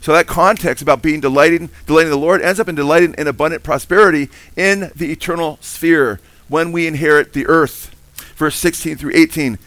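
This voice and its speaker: A middle-aged man preaches a sermon as the pastor, pitching his voice a little high and letting it climb sharply whenever he stresses a point. He throws questions and "amen?" out to the congregation. The sound is dry and close, with little room in it. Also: a little fast, no echo. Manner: animated preaching, rising to emphatic highs, call-and-response "amen?".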